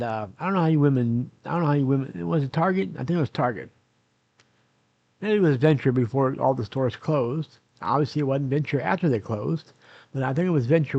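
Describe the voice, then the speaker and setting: In his room at a nursing home, an older man talks to his own camera through a lengthy personal story, wandering off track, revising what he said, and saying "uh" a lot. His mid-range voice is gravelly and slightly mellow; the audio is dull with no echo.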